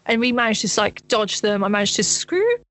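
A young woman, co-hosting a podcast, telling animated stories in casual chat. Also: a little fast, rough recording. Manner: animated storytelling, swings to high excited pitch. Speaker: podcast co-host.

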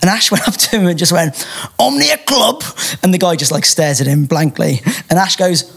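A man's voice: a little high, brisk, a bit bright, husky. A man hosting a casual chat, telling funny stories and laughing often as he talks. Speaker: host and music artist.

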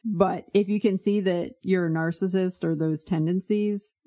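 A woman's voice: fairly low pitch, steady tone, normal speed, dark tone. A woman co-hosting a podcast, talking earnestly and giving advice in casual chat. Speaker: podcast co-host.

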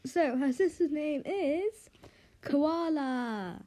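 A woman's voice: sits high, a little slow, mellow, low-quality recording. A young woman hosting a casual podcast chat over a video call, giggly and teasing. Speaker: podcast host.

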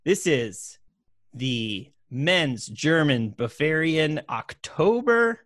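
A man's voice: a little high, big pitch swings, takes it slowly, fairly bright tone, dry recording. A man co-hosting a podcast, chatting casually and laughing often as he reviews a product. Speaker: podcast co-host.

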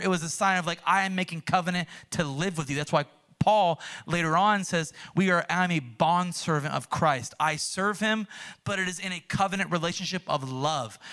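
Male pastor, sermon, high voice, bright forceful tone, casual animated delivery. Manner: conversational, animated preaching.

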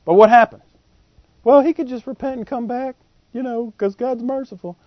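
High-voiced animated preacher. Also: male voice, moderate pace, dry recording. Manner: animated, folksy, acts out voices in quotes. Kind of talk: sermon. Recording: dull lo-fi podcast audio.

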